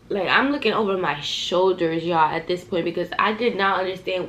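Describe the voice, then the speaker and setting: A young adult woman telling a storytime vlog, animated and profane, talking straight to her viewers. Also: on the low side, moderate pace, few pauses, highs cut off, slight background noise. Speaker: vlogger. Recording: echoey room, faint ambience.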